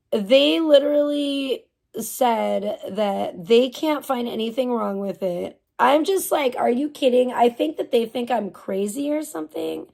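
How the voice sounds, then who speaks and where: Reading out and replying to chat messages, a female streamer keeps things casual and rants with heavy swearing. Her voice is a little high and gravelly, with a darkish tone.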